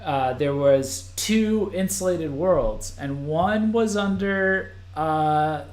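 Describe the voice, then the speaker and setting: Man, live music reaction host, rambling chatty talk, slightly high voice, echoey room. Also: animated, slow. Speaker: podcast host. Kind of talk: live listening reaction stream.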